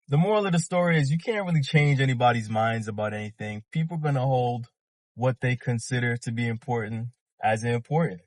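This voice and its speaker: A man in his thirties spins a story in a relaxed, slangy way. His voice sits in an ordinary middle register, recorded close and dry with no room sound around it. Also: medium pitch, a little fast, dry recording. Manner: laid-back, slangy storytelling. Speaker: vlogger. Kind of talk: casual storytelling monologue.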